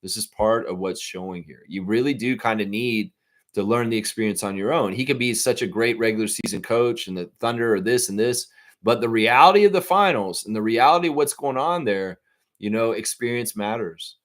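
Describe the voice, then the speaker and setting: A man with a medium-pitched voice hosts a casual live fan reaction stream at a fairly quick pace. He reads chat and rants, fired up and swearing heavily, his volume swinging loud.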